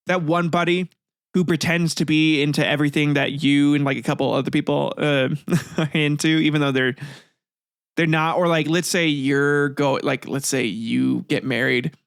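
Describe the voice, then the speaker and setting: A man hosts a comedic history podcast, reading old passages aloud and breaking into rambling, profane asides. He laughs often and his voice sits a bit high for a man. The sound is close and dry. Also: steady tone, normal speed, vocal fry, fairly bright tone, dry recording. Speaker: podcast host.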